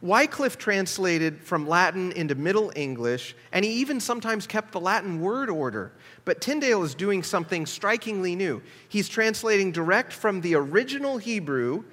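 A man's voice: high-pitched, a bit bright. A man preaching a sermon in a conversational, emphatic way, asking his listeners questions. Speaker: pastor. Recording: long hall reverb.

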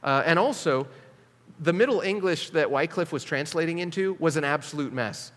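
A man's voice: on the high side, expressive, normal speed, fairly bright tone. A man preaching a sermon in a conversational, emphatic way, asking his listeners questions. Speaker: pastor. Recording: long hall reverb.

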